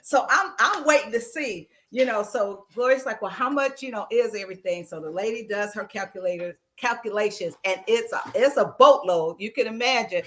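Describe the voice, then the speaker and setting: A woman co-hosting a radio talk show, telling an animated story and acting out the quotes. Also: mid-range voice, normal speed, hardly any pauses. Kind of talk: casual chat. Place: radio studio.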